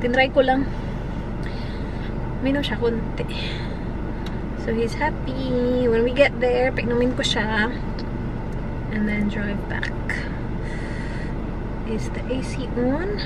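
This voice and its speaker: High-voiced Filipino mom cooing at her kids. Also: steady tone, slow, long pauses, very noisy. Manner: sing-song baby talk to the kids. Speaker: vlogger, mother of two small children. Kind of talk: casual family vlog, mixing Tagalog and English. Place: home, then a car.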